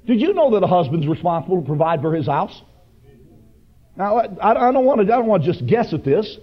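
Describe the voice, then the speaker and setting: A man preaching a sermon with fervent, emphatic delivery that rises to loud bursts. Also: high-pitched, very animated, brisk. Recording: dull lo-fi broadcast recording.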